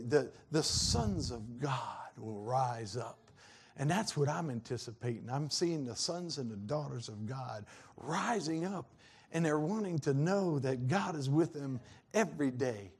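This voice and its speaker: A man's voice: mid-range voice, expressive, a little slow, a little mellow, slightly rough. A man preaching a sermon in a folksy, earnest way that swells into fervent peaks.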